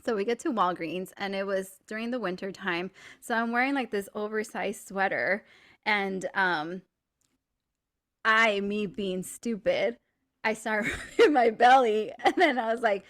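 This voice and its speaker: A woman co-hosting a podcast, telling a personal story in casual chat, saying "like" a lot and getting animated and laughing as she goes. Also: medium pitch, unhurried. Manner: chatty, fills speech with "like"; animated and laughing while retelling stories. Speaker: podcast co-host.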